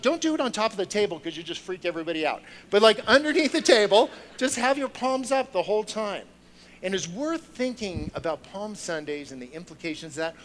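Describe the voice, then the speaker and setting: Man, sermon storytelling, hushed then loud and excited, slightly high voice, faint background noise. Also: rough recording. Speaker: lay speaker. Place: church sanctuary with a congregation.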